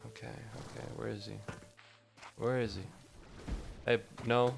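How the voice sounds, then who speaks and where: This streamer's voice is low-leaning and gravelly, his delivery flat and unhurried over music. Chatty and freely profane, he addresses creatures in the game and speaks to his chat in between bouts of play.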